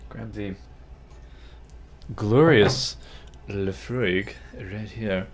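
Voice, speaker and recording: A man's voice: on the low side, very slow. A man chatting casually on a gaming livestream, rambling and easily distracted. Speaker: streamer.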